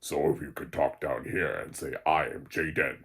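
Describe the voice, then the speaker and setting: Man doing a forced-low, flat alien voice, mock-serious. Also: moderate pace, creaky, breathy edge, heavily acted. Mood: deadpan. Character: young man forcing a fake deep alien voice.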